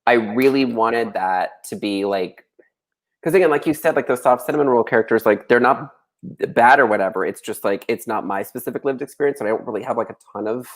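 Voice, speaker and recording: A man's voice: mid-range voice, brisk. A young man, a guest author, chatting and joking loosely with many fillers over a video call. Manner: lively, joking, full of fillers. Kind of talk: casual livestream chat.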